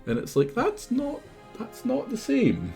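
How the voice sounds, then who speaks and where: Animated Scottish man streaming a game. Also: very high voice, unhurried, gravelly, soft background music. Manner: animated, chatty, teasing. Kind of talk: casual live-stream chat with viewers.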